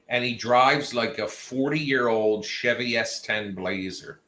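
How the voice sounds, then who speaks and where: A man's voice: lowish voice, unhurried, few pauses, a bit bright. A man hosting a livestream, telling rambling, jokey stories in a casual chat with his viewers. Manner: chatty storyteller, jokey asides. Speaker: livestream host. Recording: roomy echo.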